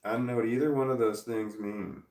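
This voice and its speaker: An American man hosting a casual livestream, reading viewer comments aloud and rambling, thinking out loud and trailing off. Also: medium pitch, fairly even intonation, brisk, echoey room, recorded from a distance. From United States. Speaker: livestream host.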